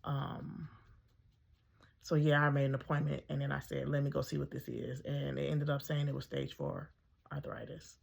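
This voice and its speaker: A woman's voice: extremely low pitch, level tone, moderate pace, creaky. A middle-aged woman, a mother, telling her own story in a casual, conversational way, full of ums and acting out her own thoughts.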